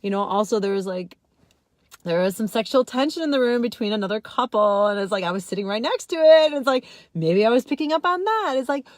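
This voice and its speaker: A young woman vlogger tells a personal story in a casual, fast-talking style, laughing often and saying "like" constantly. She gets giggly and her voice swings high when excited, captured in a dry, studio-quality recording.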